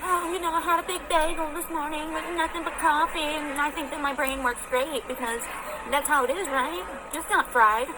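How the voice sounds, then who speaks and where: A woman's voice: sits high, fairly even intonation, moderate pace, noisy background, voice pushed up, lightly acted. Woman mocking a smug know-it-all official. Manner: sarcastic mocking impression.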